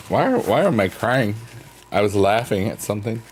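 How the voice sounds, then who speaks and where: A man's voice: mid-range voice, slow, pauses often, slight background noise. A man casually chatting with his stream viewers, rambling and laid-back, laughing at himself. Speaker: livestreamer. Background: soft piano music.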